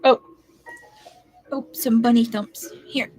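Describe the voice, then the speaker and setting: A woman's voice: mid-range voice, lively intonation, normal speed, no room sound, soft background music, poor audio. A young woman chatting casually on a home live stream, rambling between topics and cooing baby talk to her cat. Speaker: livestreamer. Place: home, indoors.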